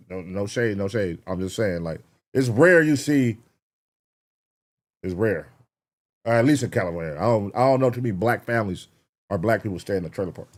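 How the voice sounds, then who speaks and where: Brash, profane man reacting to clips. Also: fairly low pitch. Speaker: reaction video host. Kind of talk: casual reaction commentary.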